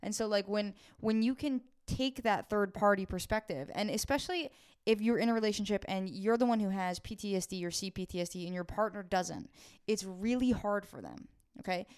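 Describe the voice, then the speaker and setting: A young woman on a podcast, chatting casually in an encouraging, affirming tone. Her voice is smooth and resonant, at an ordinary pitch for a woman. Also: lively intonation, a little fast. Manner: warm-hearted, encouraging, affirming. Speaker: podcast co-host. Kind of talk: casual chat.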